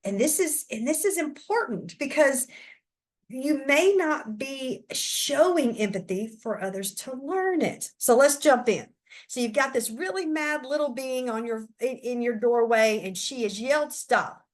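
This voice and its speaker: A woman who trains teachers gives a chatty, animated lesson, addressing her listeners directly. Her voice is high and her pace measured.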